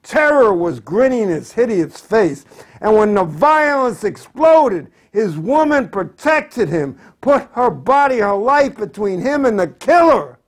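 A man reads his own poetry at home in a slow, deliberate cadence. His pitch swings widely from low murmurs to high, impassioned cries, and the delivery stays dramatic throughout. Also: sing-song. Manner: dramatic, impassioned delivery with sudden loud outbursts. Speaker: poet. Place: poet's home.

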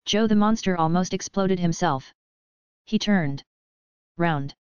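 An audiobook narrator reading a children's adventure story in an even, measured way. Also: mid-range voice, clean tone, dry recording. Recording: dull, dry sound.

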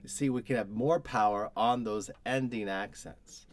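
Low-voiced man teaching cello bowing. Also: over music. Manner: measured, explaining step by step, pausing to demonstrate. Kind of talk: instructional explanation.

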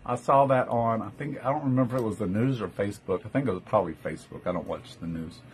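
A man's voice: fairly low pitch, quick pace, a little hiss or hum. Chatty Texan man hosting a live sale. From Texas. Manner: chatty, greets viewers by name and calls them love. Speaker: online jewelry seller hosting a live sale. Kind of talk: live-stream sales chat.

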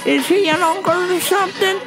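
A woman voicing a stoned, gossipy old grandmother who drawls slowly and calls everyone baby, pitched well above her own voice. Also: over music, crowd noise. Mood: confused.

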